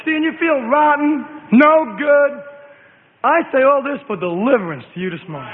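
Fervent male preacher, rambling, high voice, long-reverb hall, faint hiss. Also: sing-song, moderate pace. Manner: rambling, fervent, swings from hushed to shouting. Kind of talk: sermon. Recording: echoey hall on a tinny phone-like line.

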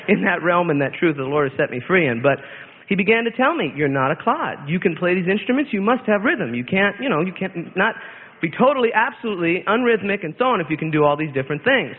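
A man tells his testimony in church, earnest and rambling, doubling back on his words. His voice sits a little high. The old tape is thin and tinny, with a long echo from the hall. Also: slightly rough. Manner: earnest, rambling, with frequent restarts. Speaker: church member giving testimony.

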